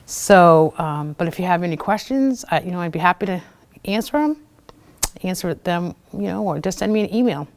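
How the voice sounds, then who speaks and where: Smooth-voiced woman telling a personal story. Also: fairly low pitch, animated, normal speed, darkish tone. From United States. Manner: chatty, fillers and acted-out quotes. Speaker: host of a community TV show.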